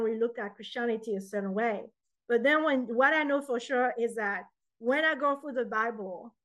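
A young adult woman with a French accent, a poet and author answering interview questions in animated storytelling. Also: fairly high pitch. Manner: animated storytelling, acts out quoted voices. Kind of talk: interview conversation.

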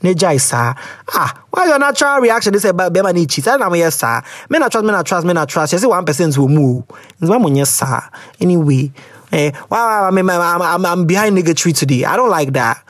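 Animated Ghanaian man, lively pitch. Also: fairly quick, no room sound, clean studio sound. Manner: playful and animated, slips into sassy quoted voices. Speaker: podcast host reading listener letters. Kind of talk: casual advice chat.

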